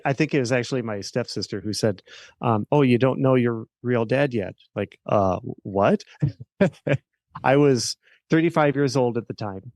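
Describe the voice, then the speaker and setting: A middle-aged man, an attorney and podcast guest, recounting a personal story in a halting way with many fillers and restarts. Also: medium pitch, a little mellow, no echo.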